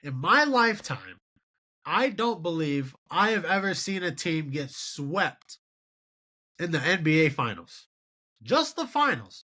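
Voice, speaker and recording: Animated young man ranting about basketball. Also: on the high side, unhurried. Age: 20s. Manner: animated, exasperated sports rant. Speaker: podcast host. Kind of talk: solo sports commentary.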